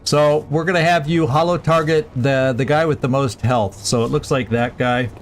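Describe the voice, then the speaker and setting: A man's voice: medium pitch, fairly even intonation, moderate pace, slight background noise. A man streaming a strategy game, thinking aloud through each move with plenty of fillers and restarts. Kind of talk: casual let's-play commentary.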